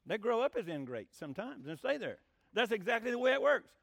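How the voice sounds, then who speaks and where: A man's voice: very high voice, a little fast, creaky, no echo, clean studio sound. A middle-aged man preaching a sermon in a folksy way, asking his listeners questions as he goes. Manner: folksy, animated, asks the room questions. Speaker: pastor.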